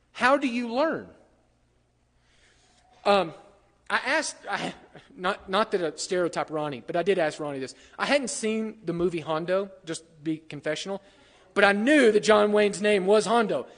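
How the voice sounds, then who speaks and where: A man with a high-pitched voice preaches a sermon and talks it through with the congregation, turning to them with questions. The sound rings with the long echo of a church hall. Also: a bit bright. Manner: conversational, asks the congregation questions. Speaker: pastor.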